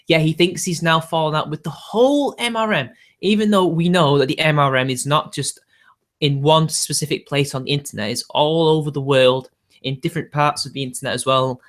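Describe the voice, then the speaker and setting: A man hosting a casual livestream, talking off the cuff in a rambling, hedging way with frequent chuckles. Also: on the high side. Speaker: livestream host.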